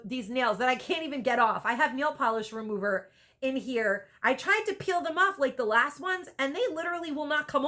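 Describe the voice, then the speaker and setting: A woman vlogger with a high voice chats casually, telling a rambling, animated story full of "like" and laughter.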